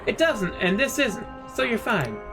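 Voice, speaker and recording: A man's voice: high-pitched, sing-song, a little slow, heavily acted. A man voicing a prim middle-aged woman librarian who calls people dearie, sweet but guarded. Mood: sweetly prim. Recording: game music playing underneath.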